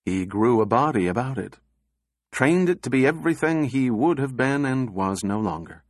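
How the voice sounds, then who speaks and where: A man narrating an audiobook in a steady, measured reading voice. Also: mid-range voice, no echo, clean studio sound.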